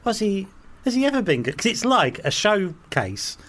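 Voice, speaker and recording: A man co-hosting a podcast, speaking in relaxed, wry casual chat with some hesitations. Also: high voice, moderate pace. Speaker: podcast co-host.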